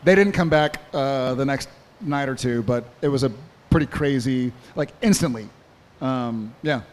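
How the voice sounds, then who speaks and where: A man on a convention panel telling a rambling, animated story, with restarts and swearing. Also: medium pitch, moderate pace, big-room sound. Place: convention hall stage.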